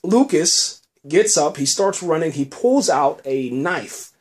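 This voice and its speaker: Excited man recapping a show. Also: fairly high pitch, slow pace. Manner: excited, chuckling, says "man" often. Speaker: podcast host reviewing a TV episode. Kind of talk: casual spoken recap.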